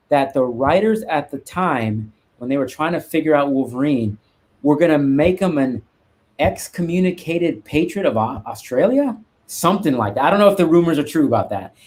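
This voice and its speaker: A man's voice: fairly high pitch, darkish tone. A man, a guest art collector, chatting casually on a live stream and rambling with restarts and asides.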